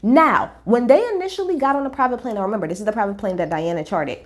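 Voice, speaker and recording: A woman's voice: fairly high pitch, quick pace, slight background noise. Blunt, gossipy woman recapping reality TV. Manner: blunt, profane, gossipy and opinionated; talks straight to viewers, casual slang. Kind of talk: casual reality show recap commentary.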